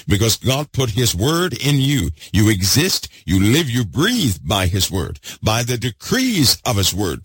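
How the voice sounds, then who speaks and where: A man preaching a fervent sermon, repeating himself and swinging between loud bursts and hushed asides. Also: medium pitch, big pitch swings, measured pace, few pauses, slightly rough, no echo.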